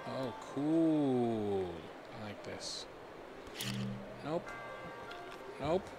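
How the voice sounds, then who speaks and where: A man's voice: medium pitch, expressive, drawn-out words, over music. A young adult man giving casual let's-play commentary, playful and silly, talking to himself and to his chat. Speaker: game streamer.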